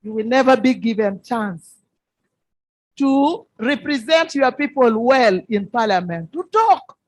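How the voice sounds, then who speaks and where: Impassioned high-voiced woman. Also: animated, measured pace, dry recording, low-quality recording. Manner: impassioned, repeats phrases for emphasis. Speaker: member of parliament. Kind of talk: workshop floor contribution.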